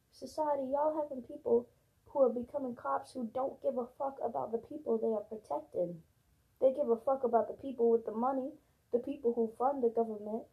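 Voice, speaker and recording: A young woman venting in a casual vlog monologue, blunt and profane, repeating herself for emphasis, her voice husky and gravelly. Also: fairly high pitch, mellow. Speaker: vlogger. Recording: lo-fi phone-like audio.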